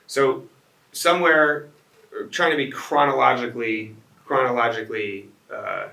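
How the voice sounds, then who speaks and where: A man's voice: medium pitch, lively intonation, unhurried, creaky, sharp tone. A man who owns restaurants, giving a conversational design talk to a live audience. He rambles, restarts his sentences and turns to the crowd with asides. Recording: echoey room, voice picked up from a distance.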